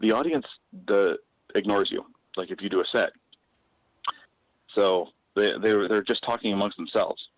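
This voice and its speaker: A comedian guest, a man, spins a casual anecdote in a low voice. He circles back, restarts phrases and fills pauses as he goes. The sound is dry, with no room echo. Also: fairly even intonation. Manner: rambling with frequent restarts and fillers.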